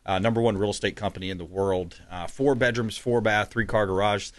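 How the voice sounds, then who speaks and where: A man hosting a radio talk show in a casual, animated and indignant way. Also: on the low side, a little fast.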